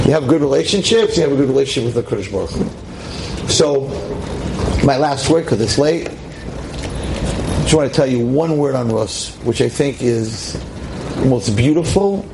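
A man teaching a lively class to a seated audience as a rabbi, emphatic and exclamatory. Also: normal speed, noisy background. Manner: emphatic, exclamatory, with sudden swings in pitch.

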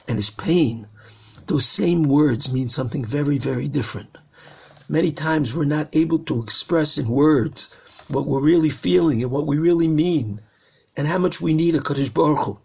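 A man's voice: on the high side, gravelly, slightly rough. An older man, a rabbi, giving an earnest recorded talk on prayer, repeating phrases as he pleads. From Israel.

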